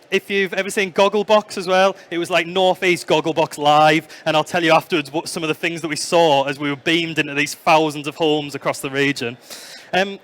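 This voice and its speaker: A middle-aged man giving a conference talk, telling anecdotes with plenty of fillers. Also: fairly high pitch. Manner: storytelling, warm anecdotes with fillers. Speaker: museum product development manager giving a conference talk. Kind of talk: conference presentation.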